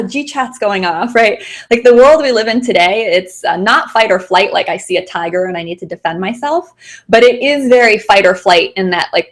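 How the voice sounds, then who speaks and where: A woman yoga teacher answers viewer questions on a casual live stream. Her voice sits in a middle register. She talks in a chatty, enthusiastic way, with frequent "um"s and quick restarts. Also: mid-range voice.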